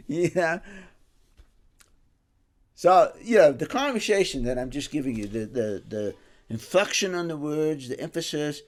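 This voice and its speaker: Animated man teaching music. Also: on the high side, a little slow, pauses often. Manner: animated, rambling, chuckles, swings between loud and soft. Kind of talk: casual instructional talk.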